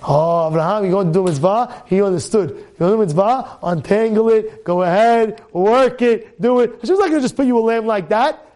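A high-pitched man teaches a Torah class as a rabbi, stacking rhetorical questions and doubling back on his words. He slips into a raised voice when he acts out his students' complaints. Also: fairly quick, a little mellow. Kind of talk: weekly Torah portion class.

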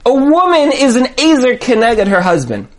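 A man giving a sermon on marriage, telling parables dramatically and building to emphatic, near-shouted points. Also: extremely high pitch, very animated, normal speed. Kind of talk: sermon with storytelling.

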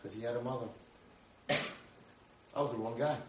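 A man's voice: mid-range voice, steady tone, unhurried. A man in his sixties, a rabbi giving a humorous storytelling lecture, acting out the dialogue. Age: 60s. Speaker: rabbi and speaker. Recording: echoey room, from far off, faint hiss.

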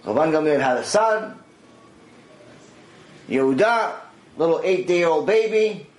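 A man teaching a religious class, telling a story with lively delivery and acting out its dialogue. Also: a little high, slow pace. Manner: animated, acts out dialogue in quoted voices. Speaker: Torah teacher. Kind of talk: storytelling lecture. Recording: roomy echo.

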